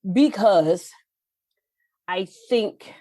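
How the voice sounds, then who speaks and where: A middle-aged woman from Texas, a podcast guest telling heartfelt stories, her pitch jumping up when she gets animated. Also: very slow, dry recording. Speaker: podcast guest, wine journalist. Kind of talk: emotional storytelling interview.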